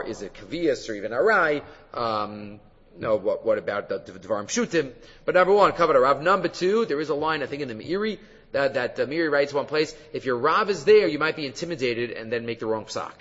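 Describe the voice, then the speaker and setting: A man giving an animated Talmud lesson, full of fillers and quick asides. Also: medium pitch, big-room sound, highs cut off. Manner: animated, mixes English with Hebrew and Aramaic, many fillers. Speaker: Torah teacher. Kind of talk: Talmud lecture.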